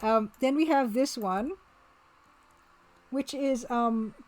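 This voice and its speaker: A woman's voice: on the high side, slow, darkish tone. A woman chatting casually on her art live stream, rambling and answering chat as she works. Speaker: streamer and pixel artist.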